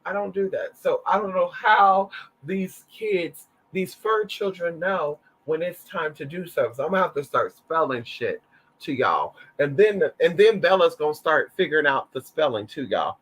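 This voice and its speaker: A man's voice: on the high side, lively intonation, moderate pace, fairly bright tone, husky. A man chatting casually to his viewers in a sassy, flamboyant way, swearing freely and calling them honey. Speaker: vlogger. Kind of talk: casual livestream chat.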